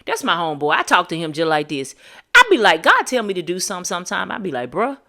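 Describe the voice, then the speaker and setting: A woman's voice: on the low side, big pitch swings, fast talker, sharp tone. A woman hosting a podcast, giving a motivational monologue in a preachy, emphatic, slangy way. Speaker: podcast host.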